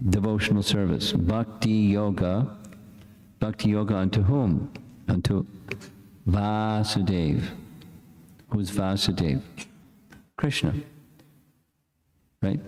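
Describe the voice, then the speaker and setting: Slow, deep-voiced older man teaching scripture. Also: darkish tone. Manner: slow, chanting verses for the room to repeat; casual, halting lecture with restarts. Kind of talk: scripture class with call-and-response chanting. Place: lecture hall with an audience. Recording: echoey lecture room.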